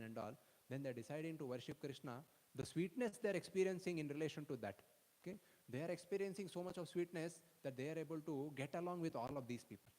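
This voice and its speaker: Fast-talking preacher. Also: male voice, on the high side, in a large hall, low-quality recording. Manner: keeps checking with "okay?" and "no?", animated storytelling. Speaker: speaker at a youth festival. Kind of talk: storytelling sermon.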